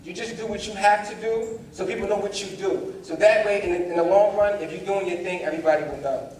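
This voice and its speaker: A young man, storytelling to a seminar crowd with a fairly high, lively voice. He acts out the voices in his story and speaks straight to the audience. The sound booms through a large, very reverberant performing arts hall, picked up from far off with faint ambience underneath. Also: fast talker, a little hiss or hum. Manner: animated, acts out dialogue, addresses the crowd directly. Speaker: motivational speaker. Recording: echoey hall, distant mic, faint ambience.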